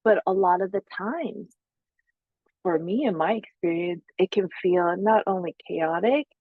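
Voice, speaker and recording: Woman therapist, rambling reflective monologue, low-set voice, dry close phone-like audio. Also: a little slow, dry recording. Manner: searching, with many fillers and self-quoted asides. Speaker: psychotherapist and spiritual teacher. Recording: tinny phone-like sound.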